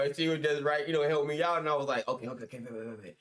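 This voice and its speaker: A man's voice: a little high, rapid-fire, hardly any pauses, fairly bright tone. A young man, a guest musician, telling stories in loose, slangy casual chat with lots of restarts.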